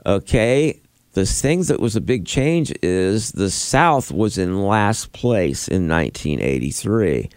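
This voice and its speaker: A man's voice: fairly low pitch, animated, takes it slowly, smooth, dry recording. A man who grew up in Florida, hosting a morning radio show and chatting playfully while reading out survey results. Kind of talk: casual morning radio banter.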